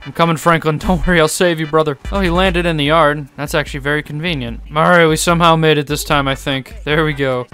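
Excitable bright-voiced young man gaming. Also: a little fast, clear, resonant tone, soft background music. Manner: excitable, laughs often, yelps in high bursts. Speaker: gaming YouTuber. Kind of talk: let's play commentary.

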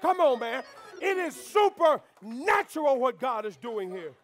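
A man. He builds to fervent shouts and falls back to quiet, intense lines. He keeps urging the pews to answer him. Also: very high-pitched, big pitch swings, a little slow. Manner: preaching with call-and-response, swings between shouting and quiet. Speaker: pastor. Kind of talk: sermon. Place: church sanctuary.

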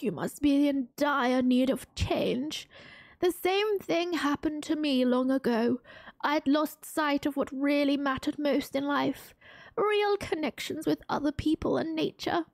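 Woman reading as a gentle old grandfather. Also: high voice, takes it slowly, no room sound. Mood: tender. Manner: gentle, heartfelt letter reading. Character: warm elderly grandfather writing a farewell letter.

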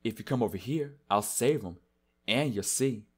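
A man's voice: medium pitch, expressive, normal speed, breathy edge. Guy doing a smug coaxing villain, sly and mocking. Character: smug manipulative male sorcerer villain.

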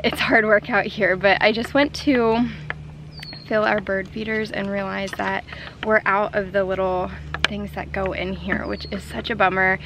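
A woman's voice: mid-range voice, flat delivery, unhurried, background noise. A woman vlogger chatting casually and rambling to a handheld camera outdoors in her yard. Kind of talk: casual vlog talk to camera.

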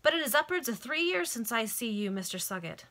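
A woman's voice: a little high, sing-song, brisk, sharp tone, voice pushed up, exaggerated voice. A woman doing a humble stable servant. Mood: plain. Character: lowly male ostler, cockney-ish servant.

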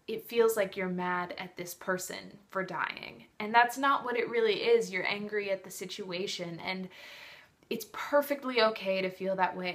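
A woman chatting in a casual video review, her voice at an ordinary middle pitch. She gushes about her favorite book and talks with open emotion. Her delivery is loose and chatty. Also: fairly bright tone.

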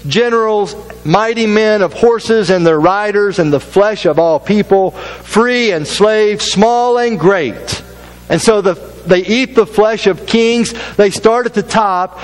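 Man, pastor, sermon, emphatic, repeats phrases, slightly high pitch, hushed solemn drops. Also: rough recording.

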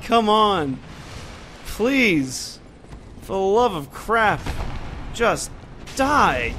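A man's voice: sits high, takes it slowly. A young man commenting on his own gameplay, talking to himself and swearing often when frustrated. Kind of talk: let's play commentary. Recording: steady noise behind the voice.

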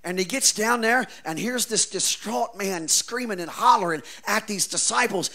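A man preaching a revival sermon, swinging from quiet asides to shouted declarations, with a folksy preacher's cadence. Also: high-pitched, moderate pace. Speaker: pastor.

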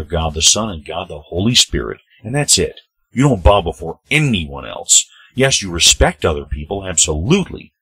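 A man hosting his own opinion vlog reads social media posts aloud and answers them in a heated, preachy way, addressing the people he names directly. His low-pitched voice is a bit bright and slightly rough, with no room sound.

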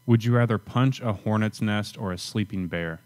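A man's voice: lowish voice, normal speed, darkish tone. A man on a comedy podcast in casual chat, explaining his points earnestly and matter-of-factly.

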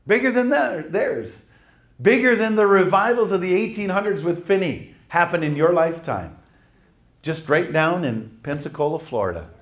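A man preaching a sermon, reading scripture and telling a lively testimony story with quick laughs and emphatic asides. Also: a little high.

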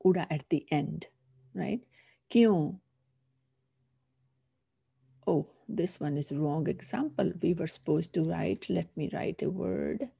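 Punjabi-accented lady teacher, husky dark voice, dry close sound, explains slow and step by step. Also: low voice, dry recording. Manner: patient, explaining step by step while writing. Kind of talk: recorded online lesson.

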